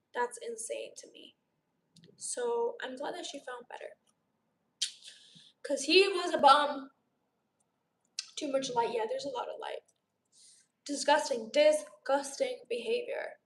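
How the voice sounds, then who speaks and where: A woman's voice: high voice, fairly bright tone, slight background noise. A young woman from Romania with a sore throat, hosting a casual live stream and gushing as she chats back to viewers. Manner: bubbly, gushing, chatty, replying to chat aloud. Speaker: livestream host. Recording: roomy echo.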